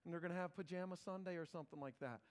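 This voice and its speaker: This middle-aged pastor preaches in a high voice at a very fast clip. His sermon is conversational and animated, and he often repeats words as he starts phrases.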